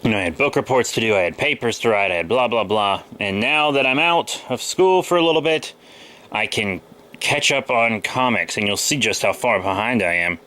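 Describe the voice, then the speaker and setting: A man's voice: fairly low pitch, expressive, moderate pace, pushed and bright. A man in his twenties, a little sick with a cold, chatting loosely and rambling with lots of fillers as he shows off his comic book haul. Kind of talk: casual haul video chat.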